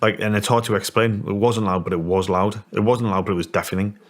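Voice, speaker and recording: A Scottish man in his forties, telling a story in an interview in a halting way, with many restarts. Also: lowish voice, steady tone. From Scotland. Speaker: interview guest.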